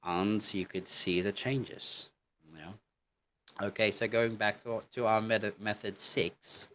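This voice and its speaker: A man with a very low, deep voice gives an English lesson at an unhurried pace. He is encouraging and chatty and peppers his talk with "okay" and "you know". A faint hum sits behind him. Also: fairly even intonation, fairly bright tone. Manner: encouraging, coaching tone. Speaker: English teacher. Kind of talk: online lesson.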